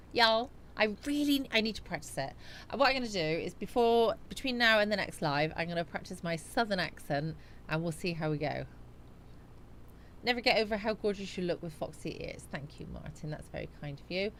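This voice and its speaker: Lively, chatty woman streamer. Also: mid-range voice, slight background noise. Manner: chatty, reads out and answers viewer comments. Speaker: live-stream host. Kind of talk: casual live chat.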